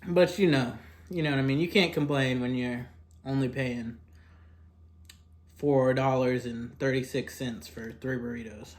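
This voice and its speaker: A young man talking casually about fast food in an eating vlog. He rambles, fills pauses with "like" and "kinda", and talks while eating. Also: medium pitch, steady tone, a little hiss or hum. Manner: rambling, filler-heavy, drifting softer and louder. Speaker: food vlogger.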